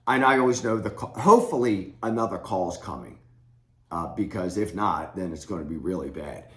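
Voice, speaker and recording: In an echoey room, a middle-aged man working as a recovery coach delivers blunt, straightforward advice directly to camera. His voice is on the low side yet fairly bright in tone, animated and a little fast.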